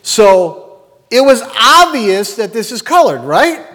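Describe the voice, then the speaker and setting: A man in his fifties delivers a sermon in a fairly high voice, pressing the congregation with rhetorical questions. His voice rings out with a long reverb, as in a large church hall. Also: big pitch swings, slow pace, a bit bright. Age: 50s. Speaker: pastor.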